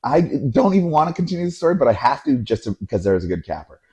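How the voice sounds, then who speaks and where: A man hosting a podcast, telling a story in a casual, animated way, acting out voices and swearing now and then. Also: mid-range voice, rapid-fire, breathy edge. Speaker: podcast host.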